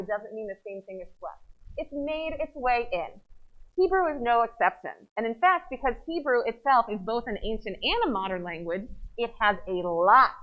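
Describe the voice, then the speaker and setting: A woman's voice: a little high, lo-fi sound. A woman rabbi giving a chatty, playful sermon to her congregation in a synagogue, often breaking off mid-sentence. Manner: chatty, playful, self-interrupting. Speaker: rabbi leading services. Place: synagogue sanctuary.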